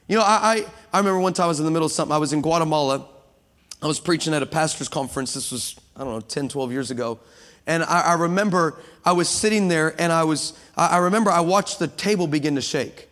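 A man preaching a sermon to a congregation, lively and humorous, building up to shouting passages. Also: on the high side, fast talker. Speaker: guest preacher. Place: church sanctuary with congregation. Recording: long hall reverb.

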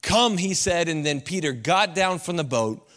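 A young man preaching a sermon as campus pastor, conversational and animated, climbing high and loud when he acts out asides. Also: normal speed.

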